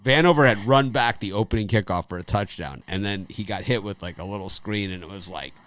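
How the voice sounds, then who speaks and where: A man's voice: lowish voice, fairly quick, fairly bright tone, no room sound. A middle-aged man hosting a sports betting chat, telling rambling stories, laughing often and repeating phrases. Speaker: sports betting show host. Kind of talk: casual chat.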